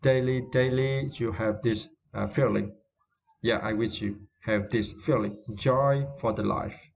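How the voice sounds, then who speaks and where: A man's voice: lowish voice, fairly even intonation, a little slow, vocal fry. A man whose first language is Vietnamese, teaching English vocabulary in a hesitant way, with many fillers and tag questions. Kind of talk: vocabulary lesson.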